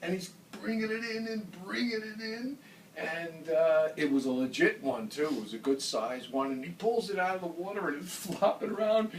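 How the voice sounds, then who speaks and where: A man telling a casual story, laughing often and acting out the shouted lines of the people in it. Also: high-pitched, normal speed, slight background noise. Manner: animated, laughing, acts out shouted quotes. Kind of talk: casual anecdote. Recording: roomy, from far off, faint ambience.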